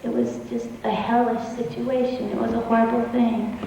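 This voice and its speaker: A woman singer talking to her audience between songs, in a halting, heartfelt way with many restarts. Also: on the high side, flat delivery, noisy background. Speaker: singer on stage. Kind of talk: stage talk between songs. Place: concert hall. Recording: echoey hall from far off.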